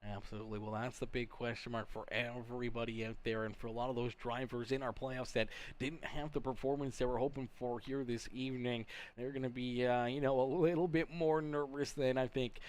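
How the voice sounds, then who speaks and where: A man's voice: mid-range voice, steady tone, fairly quick, few pauses. A young Canadian man hosting a live sim racing broadcast, upbeat and folksy, chatting with viewers. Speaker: race broadcast host.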